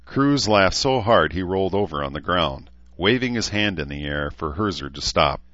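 A man narrating an audiobook in a steady, even storytelling manner. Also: low-pitched, moderate pace, dry recording, muffled recording. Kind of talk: scripted narration.

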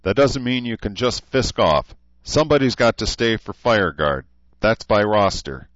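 A man voicing a young male recruit leader who jokes in a dry, easygoing way, low-voiced, on a dull, dry recording. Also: lively intonation, measured pace, a bit bright, no room sound. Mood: wry. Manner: dry, joking.

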